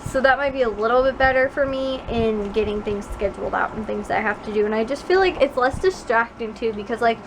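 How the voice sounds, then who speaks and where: A young woman vlogger from Chicago's suburbs talks briskly, with hardly any pauses, in a fairly high voice. She chats to camera in her bedroom at night, rambling with many fillers, and the home recording is noisy.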